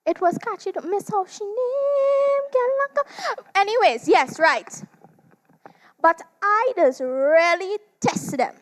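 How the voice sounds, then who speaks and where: A high, unhurried Trinidadian voice brings a demon temptress with a cloven hoof to life, as a woman performs her on stage. She savors each slow line with a teasing, theatrical swing between soft and loud. Her menace stays wrapped in playful charm. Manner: teasing, slow and drawn out, big swings in loudness. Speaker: stage performer in a dramatized literature competition. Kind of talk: theatrical dramatic monologue.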